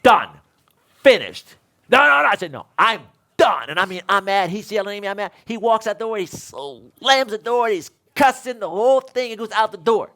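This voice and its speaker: A man's voice: sits high, moderate pace, fairly bright tone. A man teaching other instructors, telling a story in a panel discussion and acting out both sides of it. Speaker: electrical code instructor.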